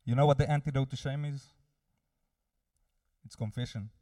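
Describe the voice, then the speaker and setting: A man's voice: medium pitch, steady tone, normal speed, warm tone, dry recording, clean studio sound, distant mic. A man preaching a sermon, earnestly addressing his listeners directly.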